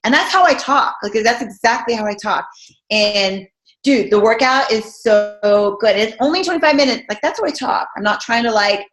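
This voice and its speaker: A woman fitness coach with a medium-pitched, fairly bright voice is a guest speaker at an online hangout. Chatty and bubbly, she gives a casual, jokey motivational talk, recorded with roomy echo in a room.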